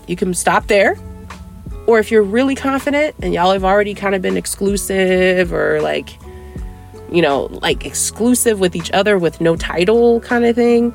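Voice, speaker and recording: A young adult woman hosting a casual dating-advice podcast, chatty and playful, acting out little dialogues with big jumps in pitch. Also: lively intonation, normal speed, faint music behind. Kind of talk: casual solo podcast talk.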